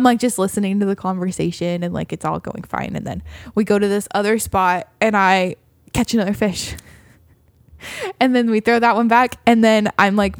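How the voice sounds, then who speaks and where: A woman's voice: a little high, dry recording, studio quality. A woman telling a story in casual chat, laughing often and acting out what people said.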